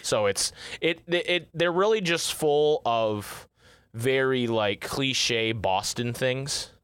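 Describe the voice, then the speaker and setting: A man co-hosting a podcast, talking in a loose, excited way and dropping swear words. His voice sits in an ordinary middle range. The close mic gives a dry sound with no room in it. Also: takes it slowly, smooth, dry recording. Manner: excited, swearing, acts out lines in a high put-on accent. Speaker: podcast co-host. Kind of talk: casual chat.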